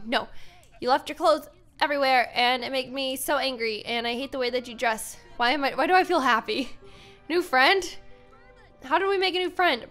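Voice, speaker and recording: A young woman talks through her gameplay in a casual, giggly way, thinking out loud as she plays. Her voice sits a little high for a woman. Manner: chatty, giggly, thinking aloud while playing. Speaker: gaming YouTuber. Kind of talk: casual let's-play commentary.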